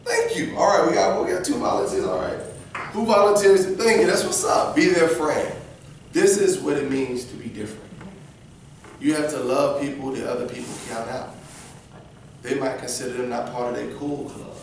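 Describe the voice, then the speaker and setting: A man's voice: mid-range voice, expressive, normal speed, vocal fry. A man teaching an interactive Bible lesson to a class of kids at church. He quizzes the children and acts out little scenes as he goes. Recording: very echoey room, distant camera, faint background noise.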